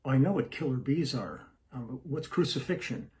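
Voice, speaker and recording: A man's voice: mid-range voice, lively intonation, moderate pace, a little mellow, close to an everyday voice. A man voicing Jesus as an alarmed, hesitant young man in a spoken joke. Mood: worried.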